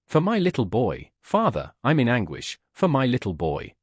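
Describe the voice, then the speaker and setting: A man reading the part of a grieving middle-aged peasant woman who speaks in a slow, sing-song, pleading lament. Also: mid-range voice, huge pitch swings, dry recording, studio quality.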